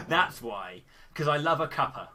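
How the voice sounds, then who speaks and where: Brief: male speedrunner, bright forceful tone, jokey and theatrical delivery. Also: fairly high pitch. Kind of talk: live speedrun commentary.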